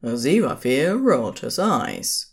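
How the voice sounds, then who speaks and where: A fiction narrator reading in an unhurried, measured way, letting the pitch rise and fall with the story. The delivery is steady and clear. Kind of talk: scripted narration of fan fiction.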